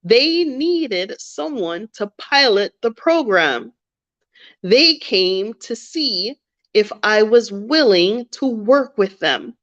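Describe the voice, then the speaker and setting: A woman's voice: on the high side, animated, takes it slowly, fairly bright tone. A woman telling a personal story to camera in a candid, reflective way, repeating phrases for emphasis. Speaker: vlogger. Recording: dull lo-fi recording.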